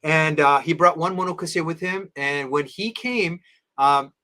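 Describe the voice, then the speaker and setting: Animated bright-voiced priest telling stories. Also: male voice, fairly high pitch, unhurried. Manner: animated storyteller, acts out quoted voices. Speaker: Orthodox priest interviewee. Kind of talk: storytelling interview.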